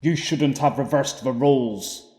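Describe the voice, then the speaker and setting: A man's voice: medium pitch, a little slow, a little mellow, reverberant, big-room sound, close to an everyday voice. A man playing a determined young hero who speaks firmly and steadily. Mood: resolute.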